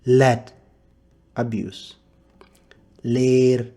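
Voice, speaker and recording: Slow, dark-voiced man teaching words. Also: level tone, soft background music. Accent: Dinka. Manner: says each word twice, then its English meaning lower and softer. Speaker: language teacher. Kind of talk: slow alphabet and vocabulary lesson.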